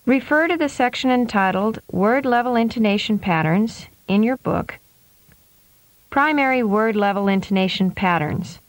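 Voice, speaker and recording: A woman reading scripted instructions for a pronunciation course in a clear, deliberate way. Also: on the high side, expressive, no echo. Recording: dry studio recording.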